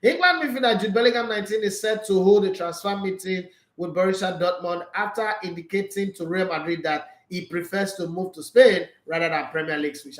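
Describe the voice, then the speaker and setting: A man's voice: high-pitched, a little fast, hardly any pauses, fairly bright tone, roomy sound. Opinionated Nigerian man reacting to transfer news. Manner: opinionated, joking asides in pidgin, laughs often. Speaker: football commentator reading transfer news. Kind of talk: casual chat reading and reacting to news.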